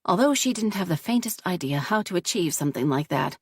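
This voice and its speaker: Low husky woman narrating a story. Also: lively intonation, a little fast, dry recording, clean studio sound. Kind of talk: scripted audiobook narration.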